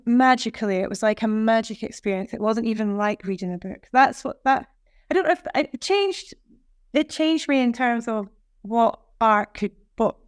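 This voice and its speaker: A woman with a Scottish accent, a guest author in a casual interview chat, enthusiastic and expressive. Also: medium pitch, clear, resonant tone, dry recording, clean studio sound. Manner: enthusiastic, expressive, quick bursts of praise.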